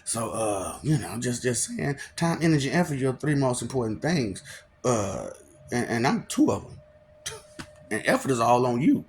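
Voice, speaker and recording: Guy preaching at his viewers, keeps laughing at them, gravelly voice that swings up and down a lot. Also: medium pitch, sing-song, normal speed, slight background noise. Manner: laughs often, mocking rhetorical questions; repeats and stumbles over words. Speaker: self-proclaimed god addressing viewers. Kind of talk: rambling preachy monologue.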